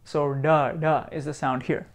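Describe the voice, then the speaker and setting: A man from India teaching Sanskrit sounds, repeating each sound slowly and patiently. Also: on the high side, little pitch movement. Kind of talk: slow teaching, pronouncing sounds aloud.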